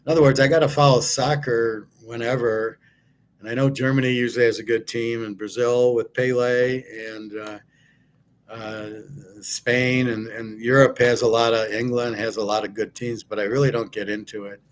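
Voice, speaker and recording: A man's voice: mid-range voice, little pitch movement, normal speed. An American man hosting his own show, talking casually and bluntly in a rambling monologue full of fillers. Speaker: sports betting handicapper and host. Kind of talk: casual monologue answering a viewer question.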